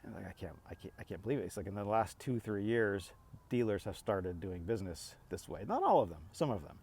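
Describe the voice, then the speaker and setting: Middle-aged guy ranting to camera, kinda low voice, keeps restarting and quoting back and forth, fed up. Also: fairly quick, a little mellow, husky. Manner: exasperated, rambling, lots of restarts and quoted back-and-forth. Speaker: vlogger. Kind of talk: casual talking-to-camera rant.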